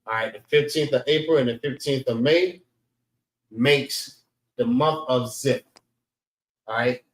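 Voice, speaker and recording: Over an online call, a male class instructor gives a casual spoken lecture, talking loosely and saying "all right" again and again to check in with listeners. His voice is medium-pitched and unhurried. The sound is roomy and the audio quality is poor.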